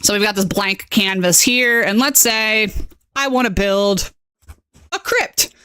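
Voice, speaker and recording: A woman hosting a casual live-stream tutorial as a game master. She is chatty and excitable, reacting aloud as she clicks and tagging her lines with "okay?". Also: medium pitch, slow, clear, resonant tone, dry recording, studio quality.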